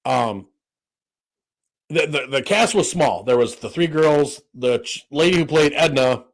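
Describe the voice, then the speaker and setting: A man co-hosts a podcast in casual, rambling chat full of fillers and restarts, swearing freely. His voice is a little high with lively intonation, and his pace is a little slow.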